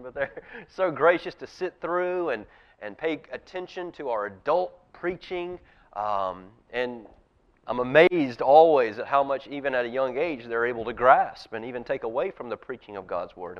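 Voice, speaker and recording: A man's voice: medium pitch, dull audio. A man, a pastor, giving a children's talk in a church service, telling a story and asking the kids questions. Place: church sanctuary.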